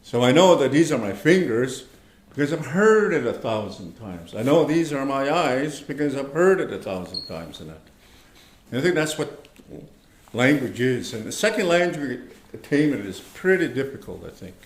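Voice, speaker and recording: A man teaching an online language class, speaking slowly and patiently, repeating words and checking in with his students. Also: medium pitch, very animated, reverberant. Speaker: language instructor.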